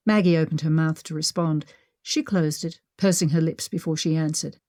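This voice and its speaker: A woman narrating an adventure audiobook in a steady, measured manner. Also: deep voice, dry recording, clean studio sound.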